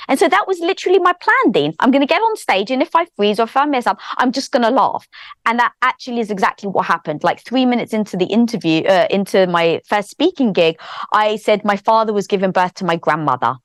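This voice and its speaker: A woman guest on a podcast, telling a personal story in an animated way and acting out her inner thoughts. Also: mid-range voice, fast talker, dry recording, studio quality. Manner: animated, acts out inner dialogue in quotes. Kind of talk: conversational storytelling.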